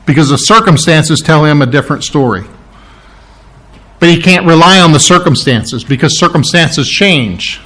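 A man with a fairly high voice teaching from scripture in a sermon. He speaks thoughtfully, often restarting and correcting himself mid-sentence, and clears his throat now and then. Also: normal speed, pushed and bright. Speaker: pastor. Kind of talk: verse-by-verse Bible teaching sermon.

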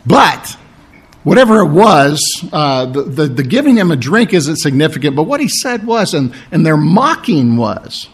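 A man preaching a sermon, teaching through a Bible passage. His voice is strained, he clears his throat often, and he keeps checking in with "okay?" and "all right?". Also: on the high side, big pitch swings, normal speed. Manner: explanatory, asks "okay?" and "all right?" for agreement. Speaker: pastor.

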